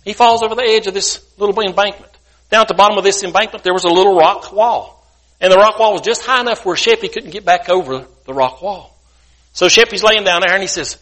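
A man's voice: high-pitched, fairly quick, fairly bright tone. A man preaching as a guest speaker, telling a folksy parable in a colloquial, homespun way. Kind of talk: sermon storytelling.

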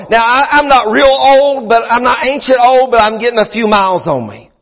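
A middle-aged man preaching a sermon as a pastor, a little out of breath. He repeats his phrases and swings between high, fervent bursts and low, chatty asides. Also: normal speed, vocal fry, a bit bright. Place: church sanctuary. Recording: muffled sound in a hall with long reverb.

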